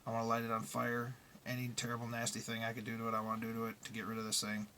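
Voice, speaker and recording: A man's voice: mid-range voice, completely flat delivery, racing, sharp tone, slight background noise. A middle-aged man who drives trucks, talking casually and bluntly in a vlog and grumbling about his frustrations.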